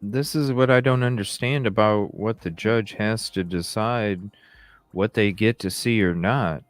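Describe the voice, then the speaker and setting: Man, low voice, dry close sound, animated questioning talk show host. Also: measured pace, dry recording. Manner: animated, questioning, acts out quoted lines. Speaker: podcast host. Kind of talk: casual discussion.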